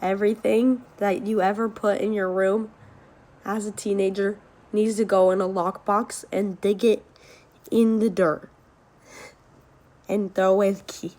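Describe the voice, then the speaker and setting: A young woman rattles through a story time, cursing freely and throwing herself into the quoted shouts. Her voice sits at an ordinary middle pitch. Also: a little slow, long pauses. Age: young adult. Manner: animated, swears a lot, acts out shouts.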